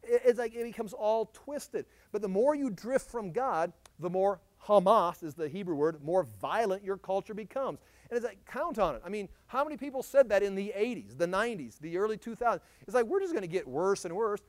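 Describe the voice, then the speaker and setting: A middle-aged man teaching through scripture with a high, lively voice. He talks in a loose conversational way, full of restarts, and jumps from loud emphatic bursts to hushed asides. The sound is dry and close. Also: brisk, few pauses, no room sound. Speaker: Bible teacher. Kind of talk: verse-by-verse Bible teaching.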